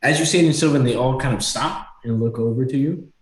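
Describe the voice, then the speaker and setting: A man's voice: medium pitch, quick pace. Young guy game-mastering, chatty and loose, echoey room. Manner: casual, laughing narration with fillers. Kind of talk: narrating a tabletop game.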